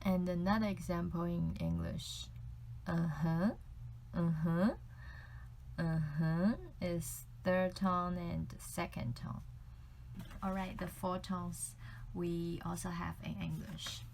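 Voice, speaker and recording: A woman whose first language is Mandarin Chinese, teaching a lesson to camera and demonstrating tones with exaggerated pitch glides. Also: little pitch movement, slow, vocal fry, darkish tone, a little hiss or hum, rough recording.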